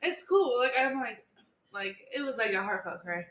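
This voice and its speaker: A woman in her thirties, co-hosting a podcast in casual chat, telling stories in a chatty, animated way with many "like"s. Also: medium pitch, moderate pace. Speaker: podcast co-host. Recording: echoey room with faint background hiss.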